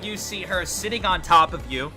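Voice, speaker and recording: A man running a tabletop game on a live stream, narrating scenes with animated, laughing delivery. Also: high-pitched, normal speed, soft background music. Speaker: game master.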